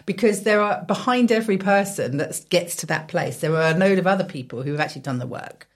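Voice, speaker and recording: A woman hosting a radio show, talking in a reflective, measured way. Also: on the low side. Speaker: radio host. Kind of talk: casual radio chat.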